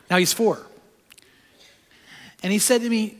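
High-voiced pastor in a reverberant hall. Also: male voice, moderate pace, long pauses. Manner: conversational, animated storytelling, drops soft for emotional moments. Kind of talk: sermon with personal storytelling.

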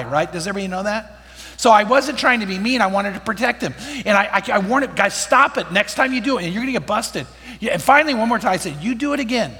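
Bright-voiced pastor preaching in a reverberant hall. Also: male voice, sits high. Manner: storytelling with rhetorical questions to the congregation. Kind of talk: sermon. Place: church.

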